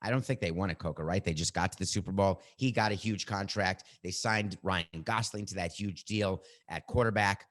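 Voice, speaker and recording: A man's voice: deep voice, brisk, hardly any pauses. Middle-aged guy ranting on his sports podcast, fired up and teasing his producer. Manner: animated, combative, bantering with his producer. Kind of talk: opinionated sports talk.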